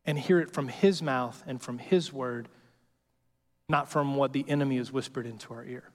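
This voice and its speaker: In a mid-range voice at a moderate pace, a male pastor preaches a casual, joking sermon. He peppers it with "right?" to check in with the congregation, heard through a long hall reverb.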